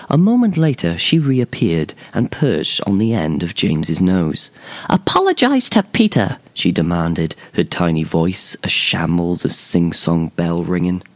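A man narrating a fantasy short story in a measured, expressive storytelling manner. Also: low-pitched. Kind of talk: scripted narration.

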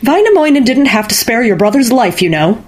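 Woman voicing stern mother, husky, high-pitched, slow, scolding. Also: big pitch swings. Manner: scolding, commanding.

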